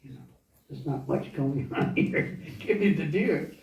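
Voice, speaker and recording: A man's voice: a little high, measured pace, creaky, darkish tone. A man briefly voicing an impatient, demanding young princess inside a devotional lecture, insistent and pushing. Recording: echoey, dull, from far off.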